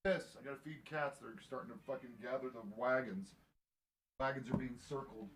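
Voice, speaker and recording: A man's voice: medium pitch, steady tone, fairly quick, a little hiss or hum. A middle-aged man, a roleplay streamer, chatting out of character in a laid-back, rambling, profane way. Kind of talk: casual out-of-character chat.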